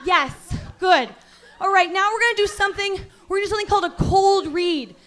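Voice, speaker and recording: A woman performs stand-up at a comedy venue, posing as a self-serious acting coach. Her voice sits very high, and her deadpan lectures flip into sudden outraged yelling. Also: fairly quick, soft background music. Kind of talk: stand-up comedy set with crowd work.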